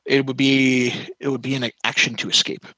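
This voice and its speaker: A man's voice: medium pitch, little pitch movement, normal speed, bright, forceful tone, no room sound, poor audio. A man narrating a tabletop game as game master, hesitant and often correcting himself on the rules, over online voice chat.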